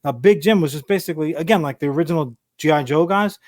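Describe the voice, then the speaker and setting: A man's voice: fairly high pitch, fast, darkish tone, no room sound, clean studio sound. A man co-hosting a podcast in casual chat, telling rambling, profane stories and mocking people in put-on voices. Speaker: podcast co-host.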